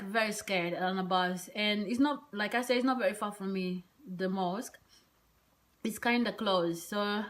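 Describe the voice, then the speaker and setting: A woman vlogger recounting a personal experience in a loose, rambling way. She hesitates often and leans on fillers. Now and then she drops into soft whispered asides. Her voice sits at a middle pitch. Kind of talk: casual personal storytelling.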